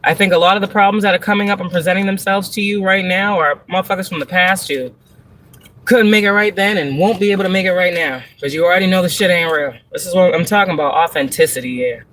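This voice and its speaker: Giving a live tarot reading on a livestream, a woman talks fast in a lowish, fairly bright voice with slight background noise. She's blunt and swears heavily, hammering each point with rhetorical questions and often bursting into laughter.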